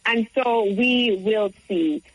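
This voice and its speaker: A woman speaking as a guest on a talk show, explaining politics in an articulate, measured way. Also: on the high side, husky, low-quality recording. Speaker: guest commentator. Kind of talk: political discussion.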